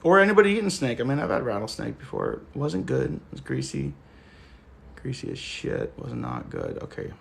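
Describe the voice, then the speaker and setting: Gravelly, joking livestream host, a man. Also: mid-range voice, wildly swooping pitch, a little fast, a bit bright, slight background noise. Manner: loose, joking, rambling. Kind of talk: casual livestream chat with viewers.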